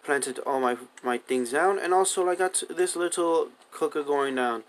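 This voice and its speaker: A man's voice: on the high side, moderate pace. Chatty young man narrating gameplay. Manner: chatty, coaxing animals with repeated commands. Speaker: gaming video host. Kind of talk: casual gameplay commentary.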